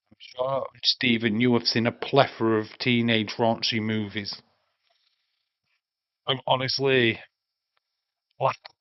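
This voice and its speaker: A man's voice: mid-range voice, dry recording, lo-fi sound. An English man hosting a casual movie watch-along stream, chatting with viewers and swearing freely. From England. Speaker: livestream host.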